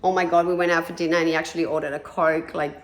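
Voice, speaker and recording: A woman in her thirties speaks very fast in a low, level voice, candidly telling her own story. She's frank and blunt, swears freely, and acts out what other people said, in a room with noticeable echo.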